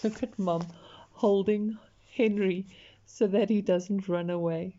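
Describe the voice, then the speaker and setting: A woman reading a picture book aloud, expressive and talking to the listener. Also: mid-range voice, dull audio, background noise. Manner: slow, expressive, talks to the listener. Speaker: storyteller.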